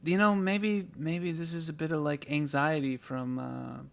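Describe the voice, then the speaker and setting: A man telling a story on a chatty podcast, with a bright, ringing voice that sits a little high for a man. He acts out the people in his story and swears freely. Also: steady tone, unhurried, creaky. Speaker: podcast co-host. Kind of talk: casual chat.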